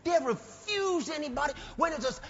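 A man preaching a fervent sermon, with bursts of shouting and acted-out quotes. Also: very high-pitched, lively intonation, normal speed. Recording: dull, echoey hall recording.

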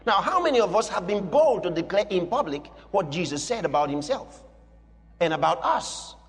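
A man's voice: high voice, sing-song, normal speed. A man preaching a sermon with emphatic, repetitive declarations. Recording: long hall reverb with music.

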